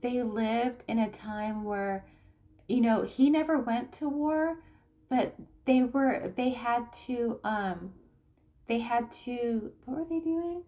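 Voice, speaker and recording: A woman with a fairly high voice talks slowly to camera about her views as a spiritual coach. She pauses often and restarts her sentences. She is emphatic but lets her phrase endings fall away quietly. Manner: slow, halting, with many restarts and fillers. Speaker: tarot reader and spiritual coach. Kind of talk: casual monologue to camera.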